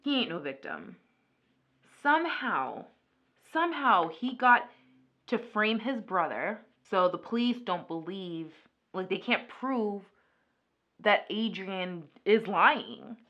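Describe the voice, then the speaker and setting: A woman vlogger chatting casually through a makeup video, retelling a story in an animated way with lots of filler words. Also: mid-range voice, slow pace, muffled recording. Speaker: beauty vlogger. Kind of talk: casual makeup vlog chat.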